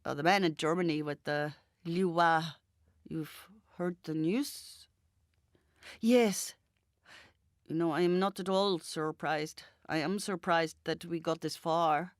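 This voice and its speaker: Woman doing a gentle, hesitant man. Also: low-pitched, slow, no echo, clean studio sound.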